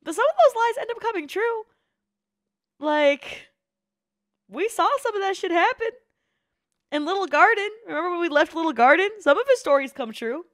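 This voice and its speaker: A young woman reacting to anime with a very high voice that leaps and swings across a wide range. She talks casually and emotionally, and she swears freely. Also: moderate pace, pauses often. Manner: emotional, profane, excitable. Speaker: anime reaction channel host.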